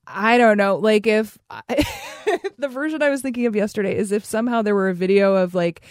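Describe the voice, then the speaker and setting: A woman's voice: mid-range voice, normal speed, no room sound, studio quality. Chatty woman hosting a podcast. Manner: chatty, lots of fillers and laughter. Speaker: podcast host. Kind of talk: casual chat.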